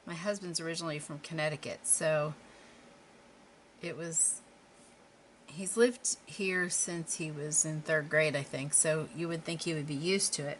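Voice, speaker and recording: Low-voiced chatty woman. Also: fairly even intonation, a little slow, slight background noise. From Western Pennsylvania. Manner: chatty, rambling, self-deprecating asides. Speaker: craft vlogger. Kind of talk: casual chat while painting.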